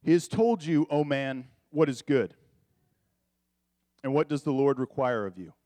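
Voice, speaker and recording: A male pastor with a mid-range voice preaches a sermon conversationally and animatedly, tossing quick asides to the congregation. There's no room sound.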